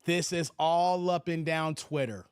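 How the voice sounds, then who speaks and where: A man hosts a loose, casual livestream, chatting to viewers and reading their comments aloud. His voice sits high for a man, and the sound is dry and close with no room around it. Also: a little slow, clean tone, no room sound. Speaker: livestream host.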